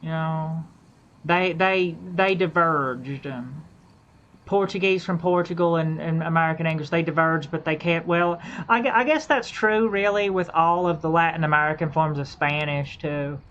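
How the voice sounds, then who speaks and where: Woman streamer thinking out loud, keeps restarting, kinda low voice, dull lo-fi mic. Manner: halting, repeats and restarts phrases. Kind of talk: casual rambling chat while gaming.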